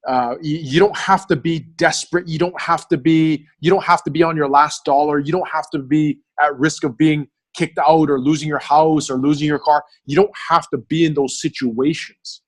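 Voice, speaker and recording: A man's voice: fairly high pitch, fairly even intonation, moderate pace, few pauses. A man hosting a group mastermind video call, coaching the group in an earnest way and often checking in with "right?". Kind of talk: motivational coaching talk.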